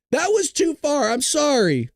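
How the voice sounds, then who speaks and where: A man hosting a casual live political commentary stream, talking sarcastically, laughing often and teasing his chat. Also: sits high. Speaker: host of a political commentary livestream.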